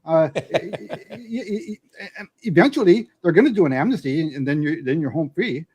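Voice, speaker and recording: A man talking as a guest in a casual chat, animated and stumbling over restarts as he makes his points. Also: fairly high pitch, husky. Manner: animated, halting with stammered restarts. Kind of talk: casual conversational commentary.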